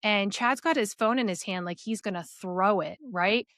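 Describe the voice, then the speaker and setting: A woman's voice: medium pitch, normal speed, a bit bright. A young adult woman, a podcast guest, tells a personal story in a rambling way full of "like" fillers.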